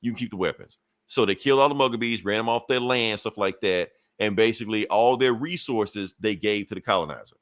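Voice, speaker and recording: A man's voice: lowish voice, fairly quick, few pauses, a bit bright. A man co-hosting a podcast, casually recapping a comic book plot with loose, profane phrasing and frequent "you know". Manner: chuckles between points. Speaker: podcast co-host.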